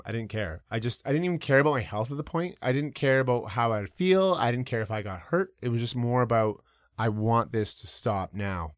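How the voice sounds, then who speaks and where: A man recounts his own stories in a loose, animated way, full of fillers and the occasional curse. His pitch sits mid-range for a man. The sound is close and dry, with no room around it. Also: no echo. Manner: animated, many fillers, casual swearing. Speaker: podcast guest. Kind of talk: casual storytelling.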